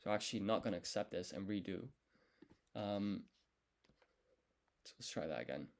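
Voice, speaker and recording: A language learner live-streams his study session, thinking aloud and correcting himself as he works through each character in a relaxed, casual way. He has a deep, creaky voice and a moderate pace.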